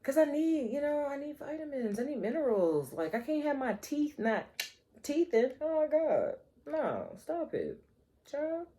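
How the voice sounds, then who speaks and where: A woman's voice: high voice, very animated, measured pace, mellow. A woman vlogger, chatting playfully to her viewers and calling them honey and child. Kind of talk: casual chat to camera.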